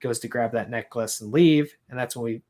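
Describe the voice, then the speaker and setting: A man's voice: mid-range voice, brisk, darkish tone. A man co-hosting a podcast, rambling in casual chat, often restarting his sentences. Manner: rambling, self-interrupting, laughs at his own attempts at accents. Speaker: podcast co-host.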